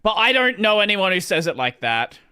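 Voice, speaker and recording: An Australian man offers blunt, offhand reaction commentary as a streamer. His voice is high and swoops around animatedly. It is bright and smooth, and he swears casually. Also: big pitch swings, brisk.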